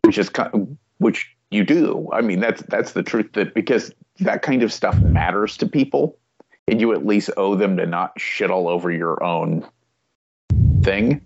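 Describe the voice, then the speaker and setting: A man's voice: fairly low pitch, unhurried, gravelly, darkish tone. A man in a casual movie chat, giving blunt, profane opinions. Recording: dull lo-fi sound.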